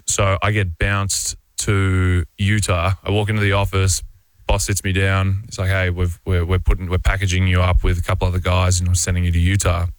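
An Australian man in his thirties tells a rambling story full of fillers and restarts. His voice sits deep and stays level in tone. The sound is dry and close. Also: monotone, fairly quick, clear, resonant tone, dry recording. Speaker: interview guest. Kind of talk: casual storytelling.

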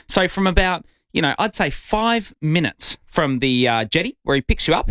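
A man's voice: a little high, no room sound. A man with an Australian accent hosting a radio show, talking with enthusiasm in a studio. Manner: lively, enthusiastic. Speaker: radio host. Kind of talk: casual radio chat. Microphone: studio mic.

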